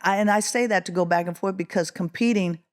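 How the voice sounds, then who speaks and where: A middle-aged woman from Oakland, California, a guest musician telling a story in an interview, acting out the quotes with a rising voice. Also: fast. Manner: animated, acts out quotes with rising pitch.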